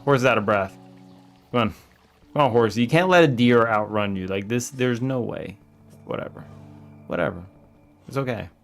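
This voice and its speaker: A man giving casual let's-play commentary as he streams a game, excitable and yelling at the characters in mock outrage. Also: medium pitch, normal speed, vocal fry, long pauses, faint music behind.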